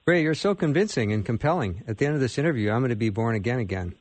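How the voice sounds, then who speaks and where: A man's voice: mid-range voice, expressive, very fast, a little mellow, no room sound. A man hosting an interview, talking in a conversational, admiring way. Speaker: interview host.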